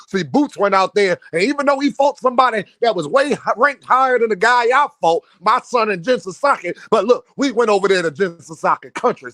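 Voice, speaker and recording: A man hosting a boxing livestream in casual, profane street talk, reading super chats and repeating words in rapid stammering bursts. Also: high voice, lively intonation, a bit bright, no echo. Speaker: livestream host.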